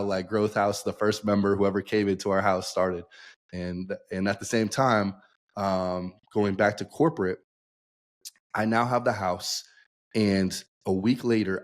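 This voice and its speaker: A man's voice: lowish voice, fairly even intonation, moderate pace. A young man, a podcast guest, telling his story casually and acting out the dialogue he quotes. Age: young adult.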